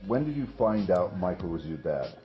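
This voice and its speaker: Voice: low-pitched, very animated, moderate pace, highs cut off, soft background music. An interviewer asking probing questions.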